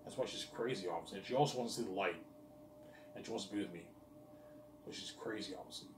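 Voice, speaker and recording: A man's voice: sits low, quick pace, echoey room, recorded from a distance, background noise. A man talking casually to his viewers in a rambling, boastful, profane monologue. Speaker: vlogger.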